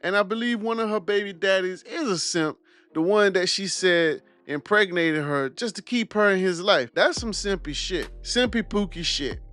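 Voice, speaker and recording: A man's voice: high-pitched, normal speed, a bit bright, faint music behind. A young man hosting a reaction video, giving blunt, preachy and mocking commentary.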